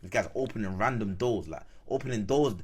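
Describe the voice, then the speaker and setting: A man telling an animated, slangy story in a casual clip. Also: fairly low pitch, brisk, a little hiss or hum.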